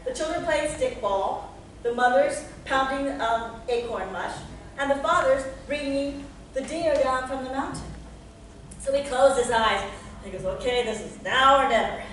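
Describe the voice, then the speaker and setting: A woman telling a folk tale aloud as a storyteller, animated and acting out sounds. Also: high voice, unhurried. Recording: echoey room, distant mic, noisy.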